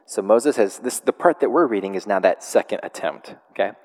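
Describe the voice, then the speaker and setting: A man preaches in a loose, chatty manner, retelling an old story with plenty of laughter. His voice sits a little low. The sound carries a long reverb, as in a big hall. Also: brisk. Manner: casual, animated storytelling with laughs. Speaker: pastor. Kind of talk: sermon.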